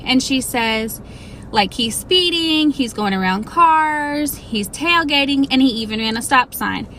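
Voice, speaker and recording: High-voiced exasperated woman dispatcher. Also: animated, a little slow, sharp tone, a little hiss or hum. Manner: exasperated, sarcastic storytelling. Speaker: emergency dispatcher. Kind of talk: casual storytime to camera.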